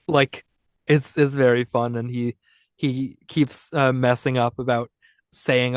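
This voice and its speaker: A man's voice: mid-range voice, level tone, moderate pace, vocal fry, no room sound, clean studio sound. A man co-hosting a podcast, rambling and joking in casual chat. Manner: rambling, chatty, jokey. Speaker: podcast co-host.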